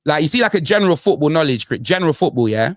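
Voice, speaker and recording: A young man, a guest pundit on a football panel, teasing the others loudly in street slang. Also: fairly high pitch, expressive, racing, dry recording, studio quality. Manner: teasing, loud, street slang, repeats "blood". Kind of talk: animated football panel banter.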